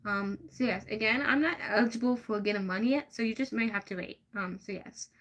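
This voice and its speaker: A woman's voice: mid-range voice, a little fast, a bit bright. A young woman hosting a casual livestream, answering viewers' questions and trailing off into frequent ums and repeated restarts. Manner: rambling, hesitant, many fillers and restarts. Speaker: livestream host.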